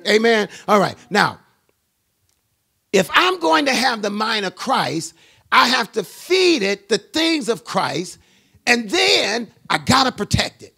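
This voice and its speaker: High, raspy older bishop preaching. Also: male voice, very animated, unhurried. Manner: call-and-response preaching that swells into shouting. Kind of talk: sermon. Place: church. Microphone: handheld mic.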